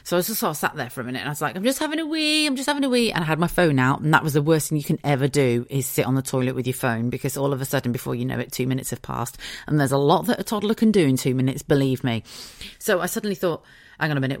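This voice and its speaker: A woman's voice: rumbling low, darkish tone, no echo, studio quality. A British woman in her thirties hosting a podcast, telling a story in a chatty way, swearing freely and laughing often. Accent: British English. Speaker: podcast host. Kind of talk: casual solo podcast storytelling.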